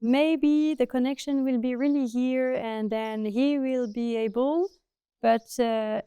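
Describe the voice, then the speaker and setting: French-accented woman with a smooth voice. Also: high-pitched, fairly even intonation, dark tone, dry recording. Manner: thoughtful, searching for words with many "uh" pauses. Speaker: horse trainer. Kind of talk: casual conversation.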